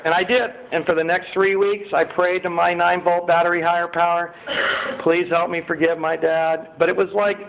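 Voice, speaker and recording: A man sharing his recovery story as a personal testimony. He talks in an animated way with many fillers and raises his voice as he relives the scenes. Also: high voice, moderate pace, creaky. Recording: tinny phone-like sound with faint noise.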